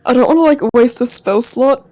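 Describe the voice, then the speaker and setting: A woman's voice: high-pitched, fairly quick, warm tone. A woman playing in a tabletop game, chatting casually and giggling. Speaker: player. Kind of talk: casual chat during a game.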